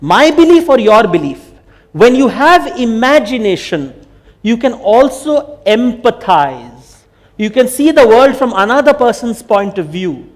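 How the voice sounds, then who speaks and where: A man with an Indian accent giving a conference talk, telling stories in an animated way and slipping Hindi phrases in. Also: very high voice, unhurried. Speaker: speaker. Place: conference hall.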